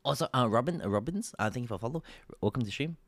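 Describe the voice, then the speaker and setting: A man's voice: mid-range voice, animated, fast talker, no echo. A man hosting a livestream, chatting casually, often interrupting himself and laughing. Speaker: livestream host. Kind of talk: casual stream chat.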